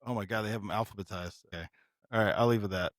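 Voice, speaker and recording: A man's voice: lowish voice, racing, fairly bright tone, no echo, studio quality. A man co-hosting a podcast in casual barbershop-style chat, swearing freely and laughing often. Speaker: podcast co-host.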